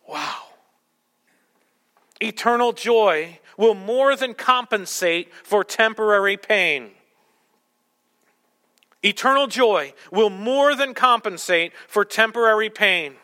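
Male pastor, fairly high, bright voice, conversational sermon with jokes, long hall reverb. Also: expressive, slow, pauses often. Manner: conversational, self-deprecating humor.

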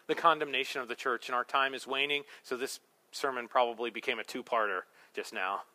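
A man's voice: mid-range voice, fairly even intonation, a little fast, sharp tone. A male pastor preaching a sermon, emphatic, with rhetorical questions and humorous asides.

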